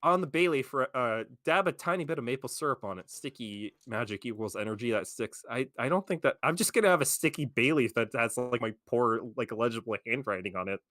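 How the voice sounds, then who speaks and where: A young man with a lively, swinging voice and a bright, forceful edge, recorded dry and close. He reads out lines and tears into them with sarcastic, profane rants. His delivery is animated and full of comic exasperation. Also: mid-range voice, a little fast, few pauses, dry recording. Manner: sarcastic, swearing, animated ranting. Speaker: stream co-host. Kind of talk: casual stream commentary.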